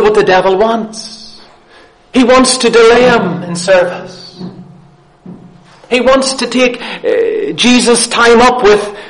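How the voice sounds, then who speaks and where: A man with a high voice preaches a sermon. He speaks earnestly, asks his listeners questions, and repeats key phrases for emphasis. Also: a bit bright.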